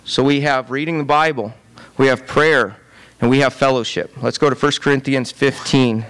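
Male pastor, conversational sermon delivery, repeats himself, average pitch. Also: steady tone, moderate pace, fairly bright tone, clean tone. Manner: conversational preaching, repeats words, often asks "right?".

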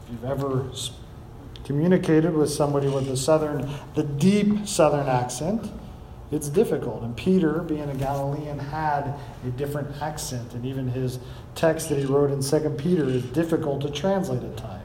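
A man's voice: mid-range voice, normal speed, mellow, reverberant, a little hiss or hum, rough recording. A man preaching a sermon, reading scripture aloud and explaining it with rising emphasis. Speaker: pastor.

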